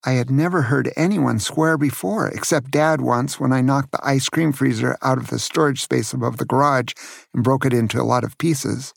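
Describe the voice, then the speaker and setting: An older man from California, a grandfather telling children about his youth in a gentle way and asking them questions. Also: mid-range voice, moderate pace, creaky, breathy edge, no echo, studio quality. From Santa Cruz, California. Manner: gentle, asks the listener questions. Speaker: grandfather storyteller. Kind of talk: storytelling to children.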